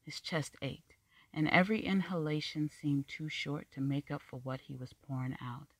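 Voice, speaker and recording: A measured story narrator with a wry edge, reading prose at an even mid pitch. The sound is dry and close, with no room around the voice. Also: no echo. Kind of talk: scripted fiction narration.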